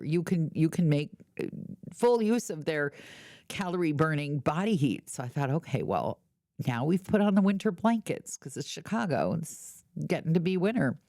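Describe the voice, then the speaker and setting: A woman's voice: sits low, sing-song, moderate pace, warm tone, no room sound, clean studio sound. A middle-aged woman hosting a podcast, chatting casually with wry storytelling and playful mock indignation. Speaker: podcast host. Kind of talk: casual chat.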